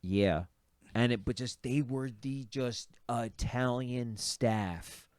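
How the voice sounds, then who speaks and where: A man's voice: medium pitch, takes it slowly, darkish tone, no room sound, clean studio sound. A man co-hosting a casual podcast chat, rambling through stories and laughing often. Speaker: podcast co-host.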